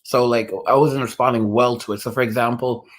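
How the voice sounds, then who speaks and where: A man's voice: medium pitch, fairly even intonation, brisk. A man hosting a casual livestream, answering his chat in a rambling way with many fillers and restarts. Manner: rambling, heavy use of "like" and restarts. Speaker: livestream host reading chat.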